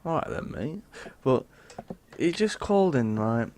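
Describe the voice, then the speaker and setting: A man's voice: a little high, big pitch swings, measured pace, darkish tone, a little hiss or hum. A man co-hosting a podcast, telling rambling, grumbling stories in a casual chat. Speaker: podcast co-host.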